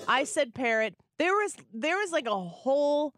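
Woman, radio co-host, animated and sarcastic, higher pitch, dry close mic. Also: normal speed, no echo. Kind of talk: casual chat.

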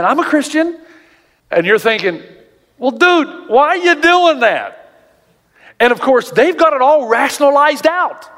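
A pastor with a high voice preaches a sermon, telling stories with lively animation and jumping high to act out quoted voices. A long reverb from a large church auditorium carries his words.

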